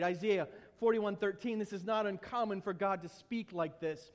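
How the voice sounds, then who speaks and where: High-voiced preacher in a reverberant hall. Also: male voice, normal speed, few pauses. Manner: earnest, stumbling repetitions, humorous asides. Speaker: pastor. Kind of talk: sermon.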